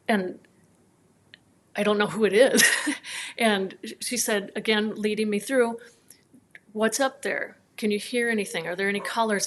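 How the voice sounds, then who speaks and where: A woman in her thirties from northern Minnesota, a chiropractor guest telling a personal story with heartfelt emotion and acting out the dialogue. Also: mid-range voice. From northern Minnesota, USA.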